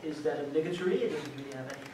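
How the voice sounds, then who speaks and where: A man giving an academic colloquium talk, explaining step by step and checking in with "right?". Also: a little high. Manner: measured, explanatory, frequent "right?" check-ins. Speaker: lecturer. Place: lecture room. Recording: echoey hall, mic far off, faint hiss.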